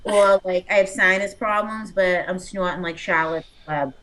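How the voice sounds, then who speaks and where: A woman co-hosting a podcast who chats in an animated way and tells playful stories. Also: lowish voice, moderate pace. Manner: chatty and animated, playful storytelling. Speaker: podcast co-host. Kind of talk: casual chat.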